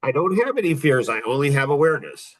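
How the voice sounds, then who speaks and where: A man's voice: mid-range voice, lively intonation, fast. A middle-aged man hosting a podcast in casual talk, blunt and rambling, often repeating himself. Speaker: podcast host.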